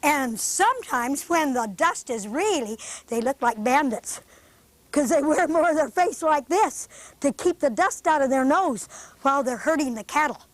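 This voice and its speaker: A woman hosting a children's show, talking to a group of young kids in a studio in a gentle, patient, sing-song teacherly way. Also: high voice, lively intonation, normal speed, no echo.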